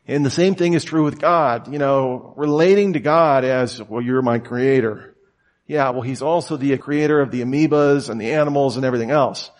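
Casual storytelling preacher, man. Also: a little high. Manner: casual and storytelling, acting out quoted voices. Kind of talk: conversational sermon.

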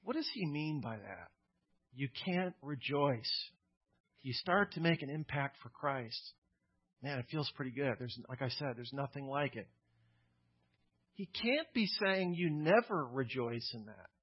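A man's voice: medium pitch, expressive, unhurried, slightly rough, highs cut off. A male pastor preaching a sermon in a plainspoken, conversational way, with casual asides.

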